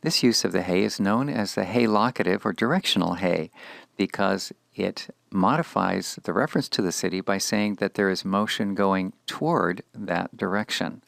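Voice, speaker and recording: A man with a very low, gravelly voice reads a scripted language lesson at an unhurried pace. He is measured and deliberate and says each Hebrew word twice for the learner. The sound is dry and close to the mic. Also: a bit bright, dry recording. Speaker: Hebrew teacher.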